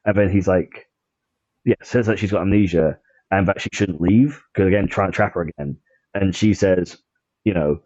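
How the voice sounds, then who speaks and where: A man's voice: sits low, normal speed, pauses often, dark tone, no room sound, dull audio. A man chatting casually on a podcast, rambling with lots of fillers and restarts. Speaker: podcast guest.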